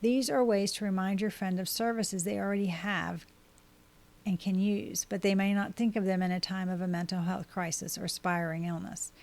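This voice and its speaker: A woman hosting a podcast, reading scripted advice in a steady, measured way as she works through a list of tips. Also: medium pitch, vocal fry. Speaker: podcast host and life coach.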